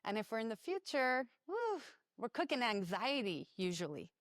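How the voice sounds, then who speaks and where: A woman co-hosting a spiritual wellness podcast, speaking in a reflective, gently affirming way. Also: on the high side, big pitch swings, moderate pace, no echo, clean studio sound. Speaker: podcast co-host.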